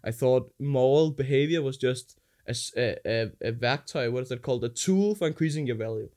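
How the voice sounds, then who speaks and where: A man's voice: mid-range voice, brisk. A man chatting casually with his brother, telling crude stories and preaching about forgiveness and inner life in a digressive way. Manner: animated, acts out quoted voices. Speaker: podcast guest, older brother. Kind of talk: casual rambling chat.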